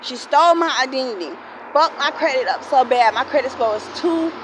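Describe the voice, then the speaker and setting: Casting: woman, 40s, vlogger ranting to camera, blunt and swearing, fairly high voice, faint hum behind. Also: expressive, a little fast, low-quality recording. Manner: blunt, profane venting with many repeats. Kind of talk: unscripted storytime rant to camera.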